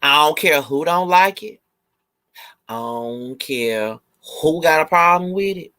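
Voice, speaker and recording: A man's voice: high voice, moderate pace, pushed and bright. A man hosting a live review, ranting emphatically to his viewers with blunt, profane repetition. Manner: blunt, swears freely. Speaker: video host and reviewer.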